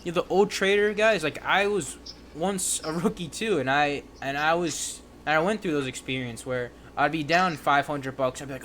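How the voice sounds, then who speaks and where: A man's voice: fairly high pitch, normal speed. A young man hosts a trading stream in an easy, conversational way. He keeps stringing thoughts together with "you know" while a faint noise sits under the voice. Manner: relaxed, filler-heavy, lots of "you know". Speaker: livestream day-trading host. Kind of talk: casual chat.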